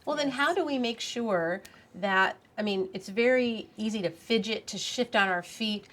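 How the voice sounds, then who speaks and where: A woman's voice: medium pitch, moderate pace, a bit bright. A woman who teaches, moderating a panel and asking the other speakers questions. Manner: guides the talk with questions. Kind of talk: panel discussion.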